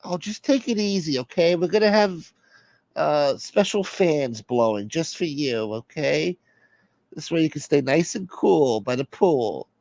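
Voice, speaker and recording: A man voicing a pampered rich man who fusses over a needy friend in a high, coaxing voice. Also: expressive, a little slow, creaky, a little mellow, dry recording. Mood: soothing.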